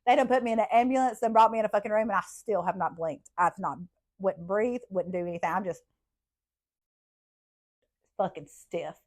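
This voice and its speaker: A woman, a podcast host telling childhood stories in a blunt, profane, animated way. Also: medium pitch, normal speed, pauses often. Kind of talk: casual storytelling.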